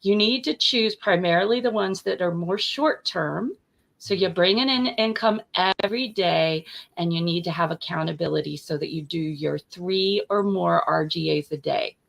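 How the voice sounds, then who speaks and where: Low, gravelly woman giving coaching advice. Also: normal speed, rough recording. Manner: direct, practical advice-giving. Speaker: business coach guest. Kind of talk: casual interview talk.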